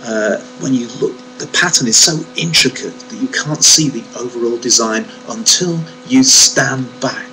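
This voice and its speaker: A man's voice: medium pitch, normal speed, few pauses, faint music behind, poor audio. A man giving a reflective devotional talk on a Bible verse, emphatic and fond of rhetorical questions. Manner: emphatic, rhetorical questions, stresses key words. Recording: steady mains hum under the voice.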